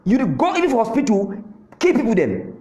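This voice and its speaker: A man's voice: extremely high pitch, wildly swooping pitch, brisk, warm tone, roomy sound. A man from Southern Cameroon with a Cameroonian Pidgin English accent, giving a fiery political address and hammering his points home with repetition. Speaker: political commentator.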